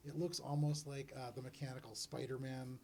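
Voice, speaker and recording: A man's voice: medium pitch, flat delivery, a little fast, creaky, darkish tone. Man narrating as game master. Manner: descriptive, slips into character voices.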